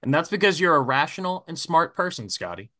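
A man's voice: on the high side, big pitch swings, brisk, bright, forceful tone. A man co-hosting a sports podcast, delivering a heated, profane rant. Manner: profane, fired-up ranting. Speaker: podcast co-host.

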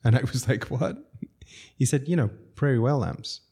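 A man's voice: mid-range voice, fast, dark tone, slightly rough. A man, a restaurant owner, telling rambling stories in a casual chat with lots of laughter. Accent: non-American English. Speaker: restaurateur guest.

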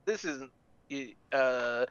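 Man at a tabletop game, joking, middle pitch, muffled lo-fi recording. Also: a bit bright, clean tone. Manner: joking, quick quips. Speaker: player. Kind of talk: casual tabletop play.

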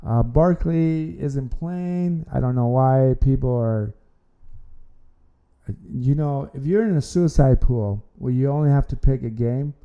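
A man's voice: mid-range voice, a little slow, smooth, dull audio. A man hosting an amateur sports podcast, talking casually and rambling, often repeating words and restarting his sentences. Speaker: podcast host.

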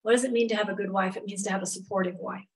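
A middle-aged woman teaching a women's Bible study speaks rapid-fire in a medium-pitched, steady voice with a darkish tone. She's chatty and candid, dropping plenty of "you know" asides, and sits a little far from the mic.

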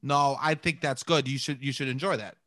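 A man's voice: mid-range voice, steady tone, brisk, fairly bright tone, no room sound. A man with a thick New York accent, hosting a playful, self-mocking casual chat. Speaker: host.

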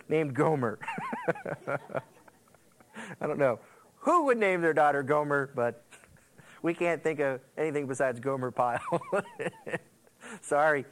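A man preaching a sermon, reading scripture aloud and reacting to it with asides and jokes for his congregation. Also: high voice. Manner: animated, quips and laughs with the congregation. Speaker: pastor.

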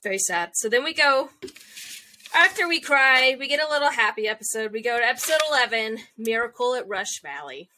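A woman's voice: on the high side, lively intonation, fairly quick, sharp tone, slight background noise. A woman casually recapping a show episode, retelling scenes and acting out the characters' lines. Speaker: podcast co-host.

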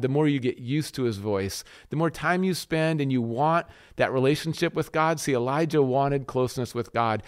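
A man's voice: fairly high pitch, clean tone. A man hosting a faith podcast, preaching in an earnest sermon style with repeated rhetorical questions.

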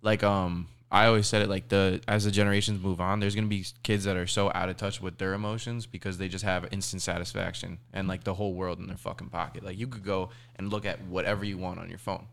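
A man's voice: low-pitched, little pitch movement, quick pace, creaky, hardly any pauses, a bit bright. A young man in casual podcast chat, talking loosely with heavy slang and swearing. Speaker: podcast guest.

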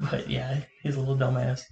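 Young man, podcast host, rambling storyteller, gravelly, echoey room with faint hiss. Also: mid-range voice, monotone, a little slow, lo-fi sound. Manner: rambling, lots of filler and laughter. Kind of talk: casual storytelling chat.

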